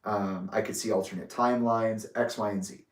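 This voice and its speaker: A man's voice: lowish voice, fairly even intonation, a little fast. A young man speaking in a rambling, candid personal monologue, with restarts and the odd swear word. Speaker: vlogger. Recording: roomy echo, distant from the mic.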